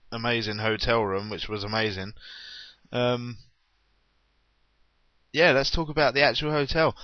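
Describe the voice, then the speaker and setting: A man's voice: medium pitch, no echo. A young man rambles through an unplanned gaming vlog, joking at his own expense and piling on exaggerations. His voice sits in a middling register. The recording is dry and a little dull, like a basic home mic. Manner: rambling, self-deprecating, exaggerating. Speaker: gaming vlogger.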